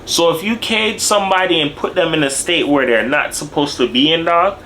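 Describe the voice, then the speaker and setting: A young man in casual reaction commentary, talking in animated street slang and tagging his lines with "bro" and "dog". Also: on the high side, a little fast, slight background noise. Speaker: video commentator.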